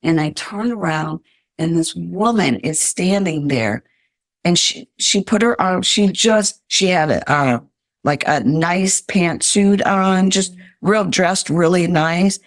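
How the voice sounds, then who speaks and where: A woman's voice: on the low side, takes it slowly, no echo, studio quality. An older woman, a podcast guest, earnestly telling her life story in an interview.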